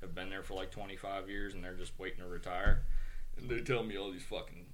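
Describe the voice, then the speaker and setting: A man's voice: sits low, steady tone, brisk, fairly bright tone, a little hiss or hum. A man, a corrections officer, telling rambling, profane stories in a casual podcast chat.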